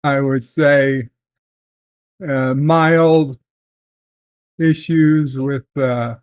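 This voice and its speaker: A man vlogging from home, telling a family story in a slow, halting way with many fillers and restarts. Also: mid-range voice, fairly even intonation, clean tone. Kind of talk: casual storytelling. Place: at home, in bed.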